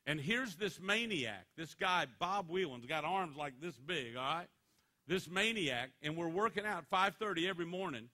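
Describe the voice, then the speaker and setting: A man giving a motivational speech to students, telling stories in an animated, joking way. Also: fairly high pitch, normal speed. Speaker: motivational speaker.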